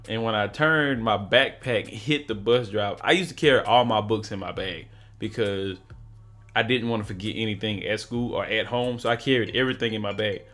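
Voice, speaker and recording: Young man, podcast co-host, casual storytelling, animated, mid-range voice. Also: medium pitch. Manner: animated, laughing retelling with mimicked voices.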